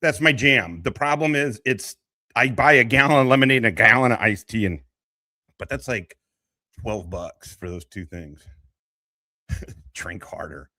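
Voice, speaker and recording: A man's voice: mid-range voice, a little slow, pauses often, sharp tone, no room sound. A man hosting a casual livestream, talking in a rambling, profane, emotional way. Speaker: livestream host and veteran.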